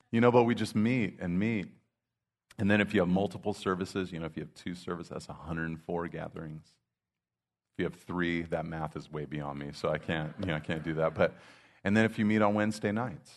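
A man's voice: deep voice, normal speed. A male pastor giving a conversational sermon, casual and full of "you know", acting out little asides. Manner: casual, heavy use of "you know", animated acted-out asides.

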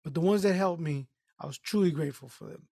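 A man's voice: fairly high pitch, quick pace, gravelly, husky, dry recording, clean studio sound. A man telling a work story in casual podcast chat, swearing and acting out what people said. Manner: profane, animated retelling with quoted voices. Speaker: podcast co-host.

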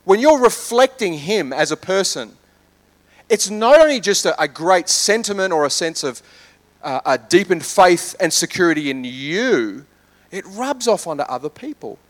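Animated preacher with a higher voice. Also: male voice, normal speed. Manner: animated, swings from loud urging to hushed prayer. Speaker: pastor. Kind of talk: sermon.

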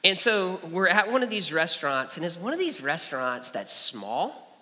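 A man's voice: on the high side, very animated, moderate pace, sharp tone. A man preaching a sermon as a pastor, earnest and personal, telling stories and repeating key phrases. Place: church sanctuary. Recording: church hall reverb.

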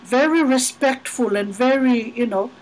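A woman with a bright, high voice tells a personal story as a podcast guest. She keeps it conversational, full of "you know," and acts out what each person said. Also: unhurried, low-quality recording. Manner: animated, acts out both sides of dialogue with frequent fillers.

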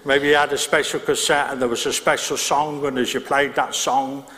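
A man's voice: mid-range voice, flat delivery, moderate pace, pushed and bright. A middle-aged male pastor, preaching a sermon in a conversational way, with restarts and asides to the congregation. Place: church hall. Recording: reverberant church hall.

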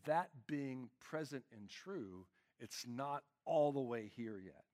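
A man's voice: medium pitch, expressive, slow pace, darkish tone. A man preaching a conversational sermon as lead pastor, casual and earnest, peppering his talk with fillers.

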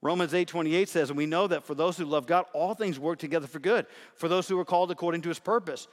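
A man's voice: on the high side, fast talker. A man preaching a sermon, talking conversationally and building to emphatic repeated lines. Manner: conversational preaching, shifts between soft asides and emphatic repetition. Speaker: pastor. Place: church sanctuary. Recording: reverberant hall.

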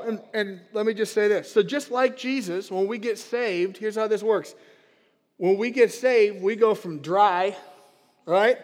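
A man giving a casual, energetic sermon as pastor, emphatic and chatty, rallying his listeners. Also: high-pitched. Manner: chatty, emphatic, rallies the crowd. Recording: long reverb of a large hall.

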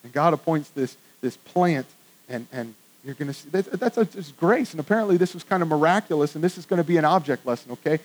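A man with a high voice preaches a sermon in a church, talking in a casual, conversational way. He drops to a hush for reflective points and rises to loud emphasis when he drives a point home. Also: expressive, fast, low-quality recording. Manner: conversational, swings from hushed to emphatic. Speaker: pastor. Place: church with congregation.

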